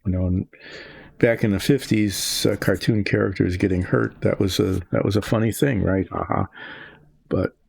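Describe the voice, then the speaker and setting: Older man with a very gravelly low voice. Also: steady tone, normal speed, darkish tone, no room sound. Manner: rambling, chatty, with trailing asides. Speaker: hobby model painter. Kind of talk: casual narration while working.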